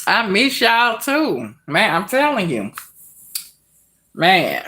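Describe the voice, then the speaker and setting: A woman hosting a casual live cooking stream, speaking to her viewers in an emotional, heartfelt way, with many pauses and soft near-whispered moments. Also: medium pitch, wildly swooping pitch. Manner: slow, heartfelt, emotional, addresses viewers as y'all. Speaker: cooking vlog host.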